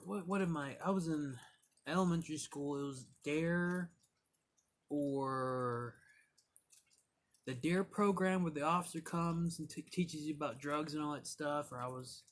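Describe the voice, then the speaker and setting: A young man from Michigan reviewing cigars and telling loose stories, rambling with lots of "like" and "you know". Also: a little high. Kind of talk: casual storytelling vlog.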